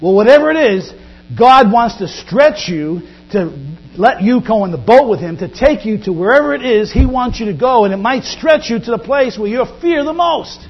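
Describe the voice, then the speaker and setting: A man preaching a sermon in a church, swinging widely between loud and quiet. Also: expressive, moderate pace. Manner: preaches with big swings in pitch and loudness. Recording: dull lo-fi recording with mains hum.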